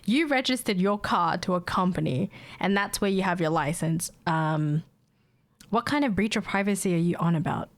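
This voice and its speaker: A young woman streamer chatting casually and telling a story, blunt and sweary, quick to mimic the people she talks about. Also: fairly low pitch. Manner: mimics callers and herself in quoted bits. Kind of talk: casual chat, venting a story.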